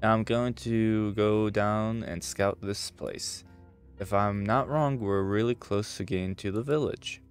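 Man reading a blunt, gruff lost wanderer. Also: on the low side, fairly even intonation, a little slow, soft background music, lightly acted. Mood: steady. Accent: Swedish. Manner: reads game dialogue aloud, curt.

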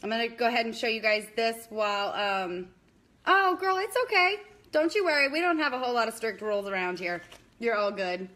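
A woman's voice: on the high side, brisk, pushed and bright. A young woman hosting a casual live-stream bingo game, chatty and scattered, talking to viewers by name.

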